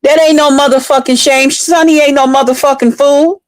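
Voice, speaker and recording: Woman streamer, high-ish voice, close dry mic; mocking, profane, heated rant. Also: steady tone, normal speed, no echo. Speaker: live streamer. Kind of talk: profane ranting live stream.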